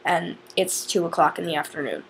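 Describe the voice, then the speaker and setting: A woman's voice: on the low side, a little fast, vocal fry, slight background noise. A teenage girl from northern Indiana chatting to camera in a rambling, casual way with lots of fillers. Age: teens. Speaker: vlogger.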